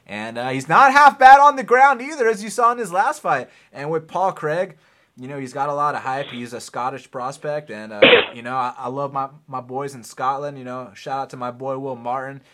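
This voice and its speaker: A man's voice: mid-range voice, lively intonation, moderate pace, background noise. A man co-hosting a casual chat about fights, laid-back and swearing, laughing often. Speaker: co-host.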